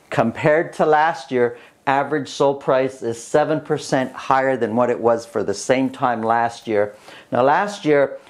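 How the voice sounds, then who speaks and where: Chatty male realtor giving market numbers. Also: medium pitch. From Canada. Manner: animated, chuckling storyteller with many restarts. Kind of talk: casual market update to camera.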